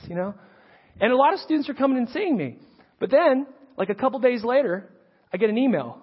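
Man preaching, husky high voice, earnest storytelling, dull recording in a reverberant hall. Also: animated, quick pace. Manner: storytelling, earnest, repeats words when he restarts. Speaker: preacher and high school teacher. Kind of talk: conversational sermon.

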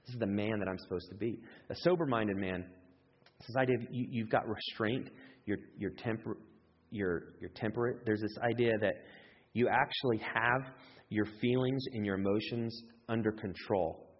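A man preaching a sermon in an animated way, jumping up in pitch when he acts out excited voices. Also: normal speed, husky. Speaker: pastor. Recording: echoey hall, dull lo-fi sound.

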